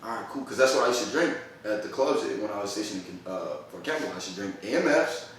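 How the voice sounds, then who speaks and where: Guy rambling thru a story, laughs a lot, swears, bright voice, echoey room kinda far from the mic. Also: on the low side, animated, fast talker, a little hiss or hum. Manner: rambling, laughs often, profane slang. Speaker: podcast host. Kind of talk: casual storytelling chat. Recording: roomy echo, a bit far from mic.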